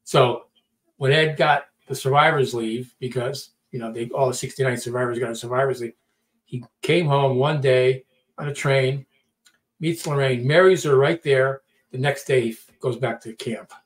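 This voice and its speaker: A man's voice: mid-range voice, steady tone, normal speed. A middle-aged man telling a story in casual talk, acting out quotes and often repeating words. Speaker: podcast storyteller.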